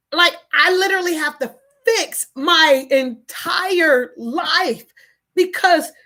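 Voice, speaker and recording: High, bright-voiced woman venting tearfully. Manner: emotional, repetitive, venting. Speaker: vlogger. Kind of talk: emotional personal vlog.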